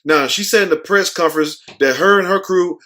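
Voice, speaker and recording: A man's voice: high-pitched, brisk, bright, forceful tone. Brash joking male commentator. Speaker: show host. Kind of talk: comedic news commentary.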